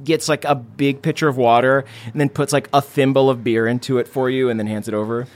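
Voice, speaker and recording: A man narrates a tabletop game as its game master, speaking a little fast at medium pitch. His delivery is relaxed and packed with fillers.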